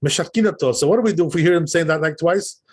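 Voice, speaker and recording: A man's voice: fairly high pitch, racing. A man, a rabbi, giving an informal religious lesson, explaining as he goes and repeatedly checking in with "right?" and "you know?". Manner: demonstrates pronunciation aloud. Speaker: rabbi teaching a class.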